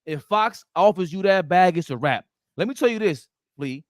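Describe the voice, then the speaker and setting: A man co-hosting a casual sports podcast, talking in slangy, emphatic bursts with loud outbursts. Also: sits high, animated, moderate pace, no echo, studio quality. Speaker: podcast co-host.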